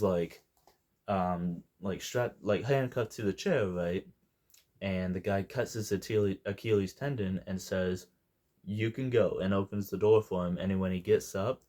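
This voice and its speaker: A man's voice: low-pitched, warm tone. A young man giving a casual, unscripted movie review, rambling and jokey and wandering off on tangents.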